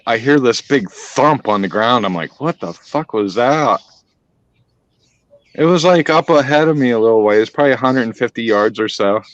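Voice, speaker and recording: A man's voice: mid-range voice, fairly bright tone, no room sound. A man casually telling a long hunting story, rambling and swearing, with many restarts. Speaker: storyteller host. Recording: dry, dull lo-fi sound.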